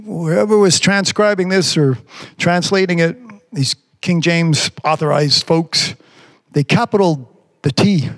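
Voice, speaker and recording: Male pastor, fairly high voice, preaching a sermon; slow scripture reading, pitch climbs for emphasis. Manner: preaching, reads scripture slowly, rises in pitch when emphatic. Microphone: remote stream from a device on batteries.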